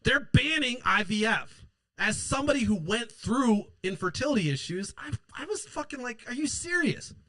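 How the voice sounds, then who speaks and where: His extremely high, animated voice has a sharp edge as this political host rages at normal speed on a dry recording. Constant swearing and sarcastic fake quotes of opponents fill his rant.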